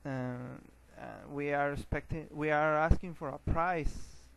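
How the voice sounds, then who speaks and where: A man teaching an English lesson, often restarting words and filling pauses with uh and um. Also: on the high side, steady tone, gravelly, clear, resonant tone, poor audio. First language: Spanish. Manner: hesitant, repeats words, many fillers.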